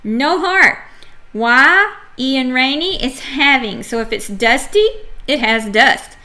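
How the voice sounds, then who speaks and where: Brief: middle-aged woman teacher, slow and clear phonics drill, playful, bright tone. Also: high-pitched. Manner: clear, slow sounding-out of letters and words; animated and playful, acts out examples. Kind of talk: phonics lesson for young children.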